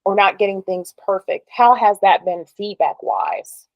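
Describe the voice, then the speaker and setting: A woman's voice: medium pitch, a little slow, no echo, lo-fi sound. A woman interviewing a guest in a casual, chatty way, asking questions with many hedges.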